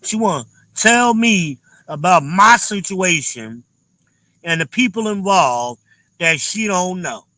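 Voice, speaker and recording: A man's voice: sits high, expressive, slow, sharp tone, no echo, poor audio. A man hosting a show, giving a blunt, profane commentary with emphatic inflections. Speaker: podcast host. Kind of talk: ranting commentary.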